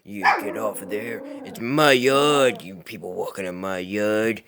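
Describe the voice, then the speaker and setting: A man voicing his pet dog as a grumpy, territorial male dog who loudly scolds passers-by about his yard. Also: on the low side, unhurried, gravelly, very noisy. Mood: indignant. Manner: loud, indignant, yelling about his yard.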